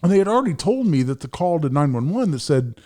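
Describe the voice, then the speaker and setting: A man's voice: a little high, sing-song, fast, mellow. A middle-aged man telling a story as a podcast guest, emphatic and profane, acting out the voices of the people in it. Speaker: podcast guest, firearms attorney. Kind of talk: animated storytelling.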